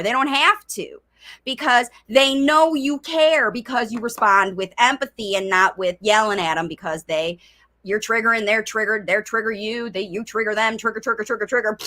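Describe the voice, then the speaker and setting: Woman, middle-aged, speech coach, chatty live-stream talk, bright, slightly high voice. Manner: chatty, voices the child in quotes.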